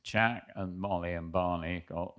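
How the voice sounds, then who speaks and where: An older man co-hosting a live podcast on stage, dry and unhurried as he prompts his wife's stories. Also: low-pitched, steady tone, dull audio. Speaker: podcast co-host. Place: theatre stage, live show.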